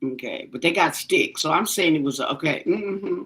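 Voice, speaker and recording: A woman doing a casual tarot reading for viewers, exclamatory and animated, pleading with the cards to tell her more. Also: low-pitched, normal speed. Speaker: tarot reader.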